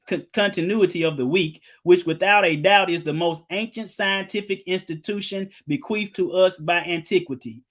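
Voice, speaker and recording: High-voiced casual preacher man. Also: moderate pace, hardly any pauses. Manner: casual, storytelling, breaks into loud emphatic outbursts. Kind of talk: informal teaching, reading quotes aloud.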